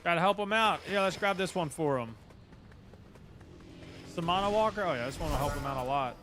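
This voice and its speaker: A fairly high-voiced man hosts a casual live game stream, talking to viewers and greeting them by name as he plays. He breaks into excitable bursts now and then, and noise hums clearly under his voice. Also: fairly quick. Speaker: livestream host. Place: at work, indoors.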